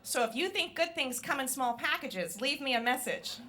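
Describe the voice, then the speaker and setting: Bright high-voiced woman telling a story. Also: animated, normal speed. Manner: acts out quoted voices, drops quiet and low for them. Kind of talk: live storytelling performance.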